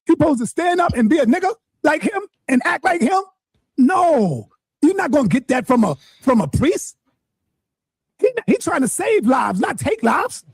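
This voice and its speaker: A man streaming live, commenting on a clip to his viewers in an animated, indignant way. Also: very high voice, normal speed, no echo, clean studio sound.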